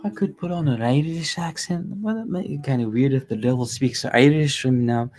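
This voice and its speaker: A man's voice: mid-range voice, moderate pace, darkish tone. A young man hosting a candlelit reading at home, chatting casually and rambling through an intermission, swearing freely. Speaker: reader and host. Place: home with candles and a resin burner.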